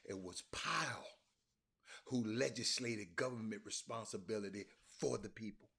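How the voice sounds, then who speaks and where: A man hosting a casual livestream talk from a hotel room. He is an animated storyteller who repeats and restarts words and keeps calling out to his viewers as y'all. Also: lowish voice, normal speed, gravelly, breathy edge. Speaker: talk show host.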